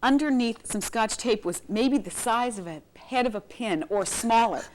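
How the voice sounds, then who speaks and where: A middle-aged woman, a television reporter, telling lively anecdotes as a guest on a live broadcast and laughing through her words. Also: fairly high pitch, normal speed. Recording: faint clicks and noise, 1990s broadcast tape.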